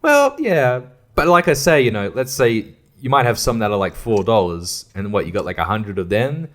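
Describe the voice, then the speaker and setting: A man's voice: lowish voice, very animated, moderate pace, a bit bright. A man hosting a podcast, rambling casually with profane, exasperated rants. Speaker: podcast host.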